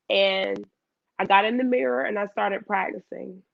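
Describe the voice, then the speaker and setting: A woman guest in a casual chat, telling an animated story and acting out her own past lines. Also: mid-range voice, normal speed, gravelly, no room sound, phone-quality sound.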